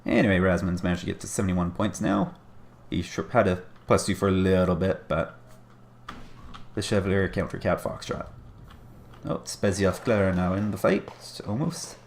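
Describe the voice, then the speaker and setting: A man's voice: low-pitched, level tone, normal speed, long pauses. A man casting a strategy game match with chatty, wry commentary and self-deprecating asides. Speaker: game caster.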